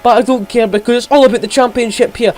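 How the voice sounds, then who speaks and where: A man giving excited, rapid play-by-play commentary on his own racing game, jumping up in pitch at the big moments. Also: poor audio.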